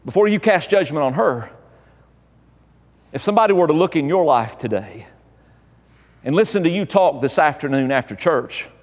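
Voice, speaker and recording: A man's voice: on the high side, expressive, normal speed, long pauses, long reverb tail. A man preaching a sermon as pastor, emphatic, with repeated phrases. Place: church.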